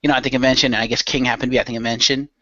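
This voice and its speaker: A man's voice: medium pitch, little pitch movement, very fast, sharp tone, no room sound, highs cut off. A man chatting casually as a podcast guest, rambling through a story with fillers and swearing. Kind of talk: casual chat.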